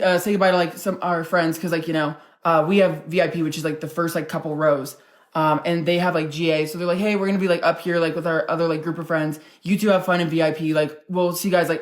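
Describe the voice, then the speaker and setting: A woman's voice: on the low side, a little mellow. A young woman from Denver, a content creator telling a storytime vlog in a chatty, profane way, full of filler words. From Denver, United States.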